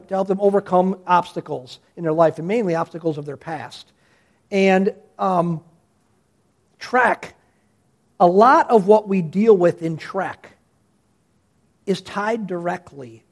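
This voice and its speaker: A man preaching a sermon with a fairly high voice and animated delivery. He talks to his congregation conversationally, often restarting mid-sentence as he builds his point. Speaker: pastor.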